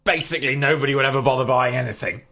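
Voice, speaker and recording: A man co-hosting a comic podcast, making dry, deadpan quips. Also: mid-range voice, racing, creaky. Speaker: podcast co-host. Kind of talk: comic banter.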